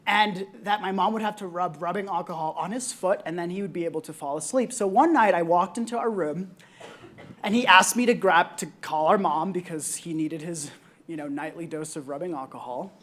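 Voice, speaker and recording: On a conference panel, a young woman earnestly and reflectively shares a personal story, often saying um. Her voice is somewhat low and fairly bright, and she talks fairly quickly.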